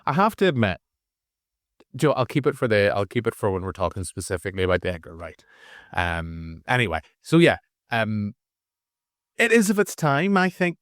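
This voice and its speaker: A Northern Irish man co-hosting a movie review podcast, rambling casually with restarts and animated asides. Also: fairly low pitch, moderate pace, no room sound, clean studio sound. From Northern Ireland. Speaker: podcast co-host.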